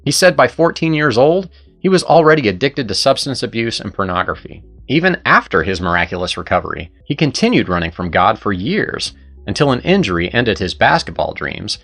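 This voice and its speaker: A man's voice: medium pitch, big pitch swings, a little fast, fairly bright tone, soft background music. A man hosting and narrating a scripted story in an earnest, persuasive way. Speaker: host and narrator.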